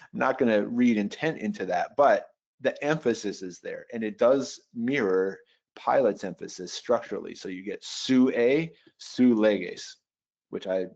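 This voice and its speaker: A man teaching a Bible software webinar, thinking aloud as he works through a passage. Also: lowish voice. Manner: thoughtful, thinking aloud with restarts. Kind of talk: webinar teaching with screen demo. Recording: dull lo-fi webinar audio.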